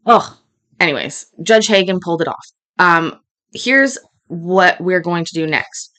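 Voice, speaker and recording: A woman's voice: lowish voice, expressive, a little slow, fairly bright tone. A woman hosting a casual reaction stream, laughing and swearing freely as she comments on clips. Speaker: host reacting to court clips.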